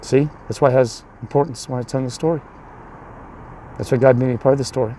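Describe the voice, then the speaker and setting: A man's voice: mid-range voice, steady tone, fast talker, warm tone, slight background noise. A man coaching youth baseball tells a long story in a rambling way, restarting often and acting out the other people, then turns it into a sermon. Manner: repeats and restarts a lot, voices the other people in his story.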